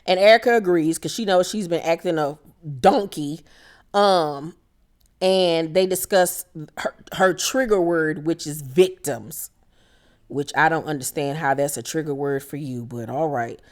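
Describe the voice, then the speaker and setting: A woman's voice: sits low, a little slow. A woman doing a casual, profane reality TV recap, blunt and sassy, who laughs and mimics the cast.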